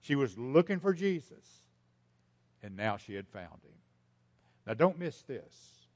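A male pastor delivering a sermon at a middle pitch. He repeats his key lines for emphasis and speaks straight to the congregation as folks, swinging from loud to hushed. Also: big pitch swings, slow pace.

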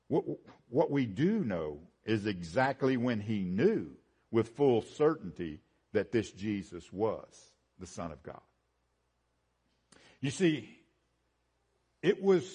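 A man preaches a sermon with a breathy edge to his voice. He swings between rising, emphatic build-ups and hushed low lines, repeating phrases for emphasis.

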